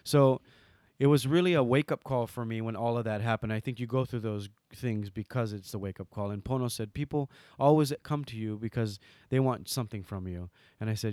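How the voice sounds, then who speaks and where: A man's voice: mid-range voice, normal speed, dry recording, clean studio sound. A middle-aged man from Hawaii telling stories as an interview guest, acting out quoted dialogue in casual talk. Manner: animated, acts out quoted dialogue. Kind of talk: casual storytelling.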